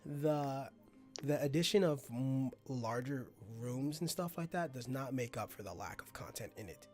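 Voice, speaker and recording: A man in the middle of a casual podcast conversation, speaking at an ordinary pitch. He is animated and slangy, and his sentences drop low at the ends. Faint music runs underneath. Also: moderate pace. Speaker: podcast host.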